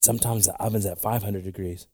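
A man preaching a bilingual sermon with passion, dropping to hushed whispers and rising to shouts. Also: on the low side, steady tone, fast, husky, no echo, studio quality.

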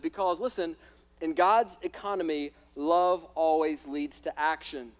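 High-voiced pastor preaching emphatically. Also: male voice, unhurried. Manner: emphatic, repeats words, says "listen" and "right?" often. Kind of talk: sermon. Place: church in front of a congregation.

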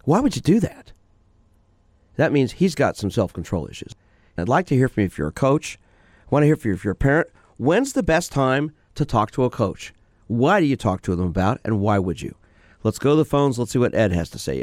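A man's voice: medium pitch, very animated, fairly quick, darkish tone, no echo. A man hosting a call-in radio show as a sport psychologist, direct and questioning as he gives advice.

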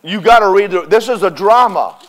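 Male preacher, high pitch, animated sermon delivery with call-and-response. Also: a little fast. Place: church service with congregation responding.

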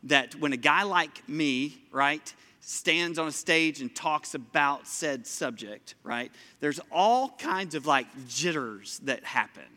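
A man preaching a sermon from a church stage in a lively, conversational way, talking straight to the congregation. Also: on the high side, slow, hardly any pauses. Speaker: pastor. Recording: long hall reverb.

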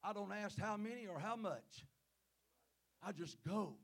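Male preacher, high voice with gravel. Calls "amen?" to the pews, loud peaks and low asides, joking between points. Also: unhurried. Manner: calls out "Amen?" and "Hello?" to the congregation; jokes with the crowd between points. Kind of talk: sermon. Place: church sanctuary.

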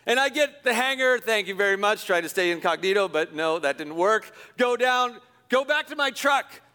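A middle-aged man, a pastor, telling a self-deprecating story in a sermon, animated and chuckling as he goes. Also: high-pitched, normal speed, clear, resonant tone. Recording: long hall reverb.

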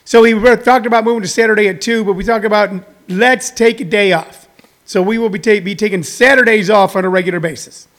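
Middle-aged man, light high voice, rambling live-show host, slightly winded. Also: brisk, a bit bright. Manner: rambling, chatty, jokey asides. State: a little out of breath. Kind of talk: live-stream talk show monologue.

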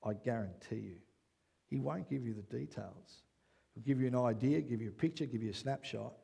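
A man preaching a sermon as pastor, who often checks in with "yeah?" and builds to loud, excited passages. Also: mid-range voice, moderate pace, vocal fry, breathy edge.

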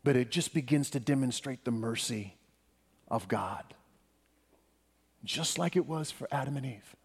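A man preaching a sermon as pastor. He addresses the congregation directly, swinging between hushed passages and emphatic ones. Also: mid-range voice, unhurried, slightly rough, in a large hall.

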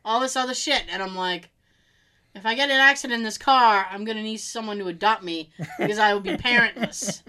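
Bright-voiced woman telling profane stories. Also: a little high, brisk, clean tone. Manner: profane, storytelling, imitates family in quotes. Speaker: podcast co-host. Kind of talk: casual chat.

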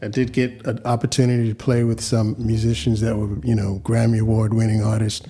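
A man's voice: lowish voice, monotone, warm tone, slightly rough. New pastor guy hosting faith talk, earnest, lots of restarts. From New York, US. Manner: measured, earnest, restarts often. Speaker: podcast host, reverend.

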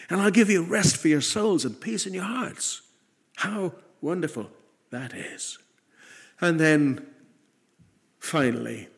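Male preacher, husky mid-range voice, earnest sermon delivery. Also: mid-range voice. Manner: earnest, rising to emphatic peaks then dropping soft.

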